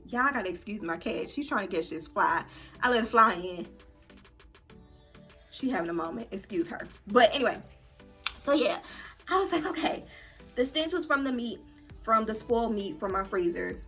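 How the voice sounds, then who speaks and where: A young adult woman vlogger telling a story to her viewers in a casual, animated and dramatic way. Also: medium pitch, moderate pace, long pauses, faint music behind.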